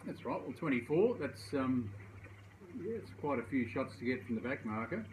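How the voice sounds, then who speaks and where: An Australian man co-hosting a casual chat, dry and halting, often pausing with "uh". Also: medium pitch, big pitch swings, darkish tone, slight background noise, low-quality recording. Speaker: co-host. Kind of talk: casual chat about club golf handicaps.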